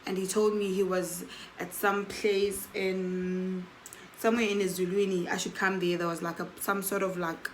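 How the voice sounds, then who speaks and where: A woman's voice: on the low side, moderate pace, slight background noise, rough recording. A woman telling a casual story-time tale, acting out the quoted dialogue of the people in it. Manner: animated, acts out quoted dialogue with "I'm like". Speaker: storytelling vlogger.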